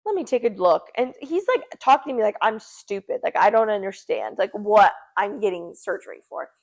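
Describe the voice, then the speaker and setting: Speaking fairly quickly in a mid-range voice, a young female podcast co-host recounts a story in a relaxed way. She brings it to life by animatedly performing the quoted voices of the people involved.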